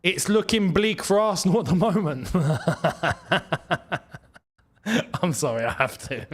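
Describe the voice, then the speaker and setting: A man hosting a live football watchalong, excitable and quick to shout and laugh. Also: sits high, husky. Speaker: football channel host.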